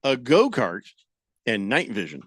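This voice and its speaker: A man's voice: medium pitch, wildly swooping pitch, a little slow, no room sound. A middle-aged man, the host of a sports radio show, chatting and joking in a loose, rambling way. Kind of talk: casual radio banter.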